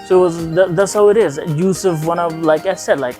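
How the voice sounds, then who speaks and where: Over soft background music, a young vlogger from Afghanistan casually recounts a long story about himself, acting out conversations with frequent "he like" and "I'm like." His voice sits high, brisk and a little mellow, and his telling rambles.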